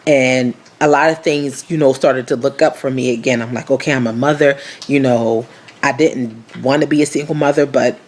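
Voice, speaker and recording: A woman in her twenties giving a candid personal testimony, frank and animated, with casual slangy speech full of fillers, acting out the voices in her story. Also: a bass voice, normal speed. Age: 20s. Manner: frank and animated, acts out quoted dialogue.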